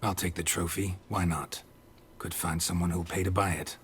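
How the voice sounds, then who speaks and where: An actor playing a gruff, terse middle-aged monster hunter in a video game. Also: male voice, sits low, fairly even intonation, normal speed. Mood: curt. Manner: terse, dry. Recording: game audio with faint noise.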